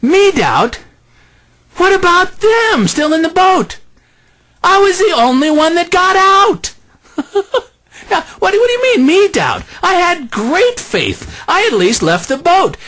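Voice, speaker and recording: A man voicing a defensive male apostle who protests that he had great faith, in a squeaky, self-justifying tone. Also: big pitch swings, slow, sharp tone, exaggerated voice. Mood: indignant.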